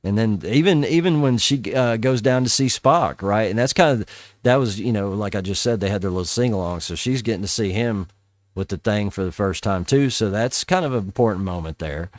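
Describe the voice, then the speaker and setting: A middle-aged man talks through a show in loose, rambling podcast chat, cursing casually as he goes. His voice sits on the low side, and the sound is dry and close with no room around it. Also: fairly quick, no room sound. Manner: rambling, swears casually, quotes scenes in voices. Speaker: podcast host.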